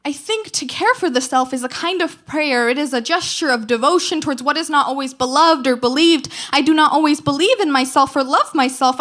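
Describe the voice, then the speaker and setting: A teenage girl reciting spoken word poetry at a slam, with rhythmic, emphatic delivery and dramatic pauses. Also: high-pitched, a bit bright. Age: teens. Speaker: slam poet.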